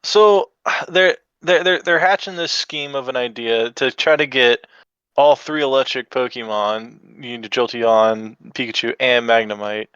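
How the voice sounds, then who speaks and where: Man podcast guest, relaxed rambling recap, smooth voice, dull lo-fi dry mic. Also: mid-range voice, measured pace, no room sound. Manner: rambling, laid-back recap with fillers. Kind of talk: casual chat.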